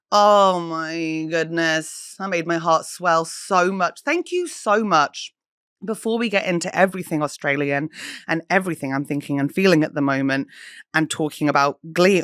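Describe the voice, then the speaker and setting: A woman's voice: medium pitch, fairly bright tone, dry recording. Woman, podcast host, bubbly and chatty, close dry studio sound. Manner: bubbly, chatty, swings into sung bits. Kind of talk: solo comedy podcast chat.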